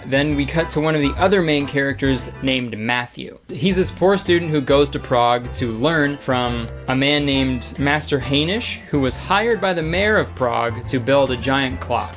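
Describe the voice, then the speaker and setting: A man's voice: medium pitch, normal speed, hardly any pauses, over music. A man hosting comedic movie commentary, irreverent and joking, often laughing. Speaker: commentary host.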